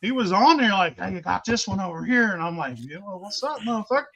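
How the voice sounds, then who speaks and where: Gravelly, bright high man. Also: expressive, quick pace, a crowd in the background. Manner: crude, boisterous storyteller. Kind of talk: casual storytelling chat.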